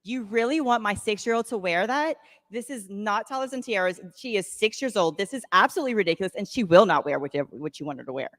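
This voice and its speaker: A woman's voice: on the high side, expressive, very fast, hardly any pauses, no room sound, close to an everyday voice. A woman playing an irate mother who scolds a dance studio owner in a role-play exercise. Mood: indignant. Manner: indignant, scolding. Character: irate mother of a six-year-old dancer.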